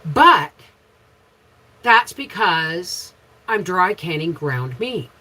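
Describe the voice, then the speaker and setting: A woman's voice: fairly low pitch, very animated, very slow, bright, forceful tone, poor audio. A middle-aged woman with a Canadian accent hosting a casual home livestream, chatting about her day and greeting viewers by name. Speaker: homesteading livestream host. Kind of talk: casual live chat with viewers.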